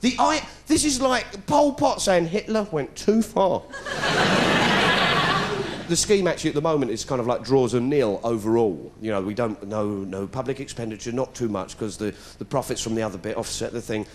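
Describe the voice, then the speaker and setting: A man's voice: mid-range voice, normal speed, background noise. A middle-aged British man telling a sarcastic stand-up story, putting on voices as he goes. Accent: British English. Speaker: comedian. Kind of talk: stand-up comedy routine. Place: stage before a live audience.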